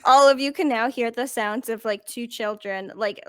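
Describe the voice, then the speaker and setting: A woman's voice: on the high side, normal speed, clean tone, dry recording, clean studio sound. A woman running a tabletop game as game master, describing scenes in a casual, rambling way with many fillers.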